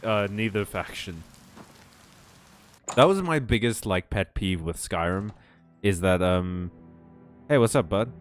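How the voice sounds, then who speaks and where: A man's voice: lowish voice, expressive, a little slow, long pauses. A man casually commenting on his gameplay, chatty and jokey, laughing often and swearing now and then. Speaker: game streamer. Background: faint game music.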